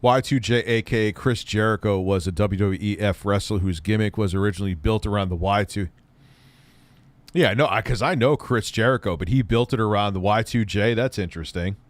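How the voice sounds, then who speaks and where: A man's voice: fairly low pitch, fairly quick, no room sound. A man hosting a casual livestream, rambling and wry, swearing now and then. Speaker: livestream host reacting to an old news clip.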